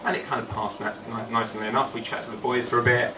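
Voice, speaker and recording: A man's voice: medium pitch, flat delivery, fast talker. A man telling a true story on stage at a storytelling night, rambling and self-deprecating with humour. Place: event hall. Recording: echoey hall, distant mic, noisy.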